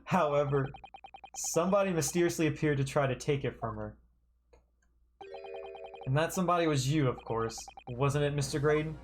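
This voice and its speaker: A streamer voicing a young defense lawyer from a text game, earnest and steady. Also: mid-range voice, moderate pace, pauses often, soft background music, lightly acted. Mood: accusing.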